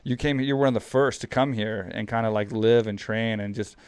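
A man's voice: lowish voice, steady tone, brisk, smooth, no room sound. A man, a gym owner hosting the chat, speaking loosely and admiringly, peppering his talk with "like" and "man". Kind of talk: casual chat.

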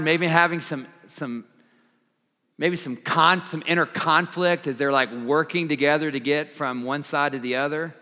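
A man preaching a sermon, reading scripture and acting out its voices, swinging between emphatic highs and quiet, earnest lows. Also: expressive, measured pace, big-room sound.

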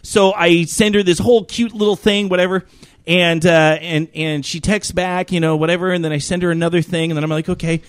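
Man in his fifties, high voice, profane rambling storyteller, dry close studio sound. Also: fairly quick, dry recording. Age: 50s. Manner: animated, profane, rambling with many fillers. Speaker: radio show regular. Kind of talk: casual storytelling on a talk show.

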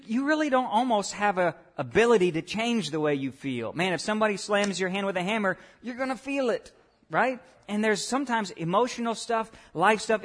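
A pastor preaching a sermon to a church congregation, asking them direct questions and moving between quiet asides and loud emphatic points. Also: male voice, high-pitched.

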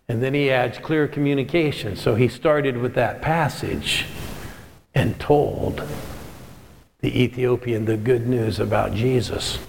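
A middle-aged man preaches with a rousing, animated delivery, urging the congregation on as his voice rings through a large hall with a long reverb. A faint low rumble sits underneath. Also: creaky. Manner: animated, rousing, calls on the crowd. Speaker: pastor. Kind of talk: sermon.

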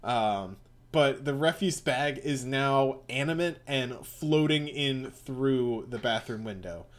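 A man's voice: medium pitch, takes it slowly. A man reading through a comic aloud in casual, bemused chat. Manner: bemused, rambling.

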